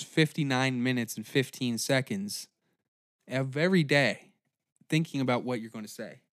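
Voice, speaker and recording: A man hosting a comedy podcast, delivering a profane, mocking, angry rant that swings between shouting and muttering. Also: mid-range voice, no echo, clean studio sound.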